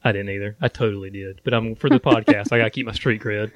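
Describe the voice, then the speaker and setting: A man's voice: on the low side, steady tone, fast, crowd noise. A man with a Southern US accent hosting a casual podcast chat, joking a lot and asking plenty of questions. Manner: joking, asks lots of questions. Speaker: podcast host.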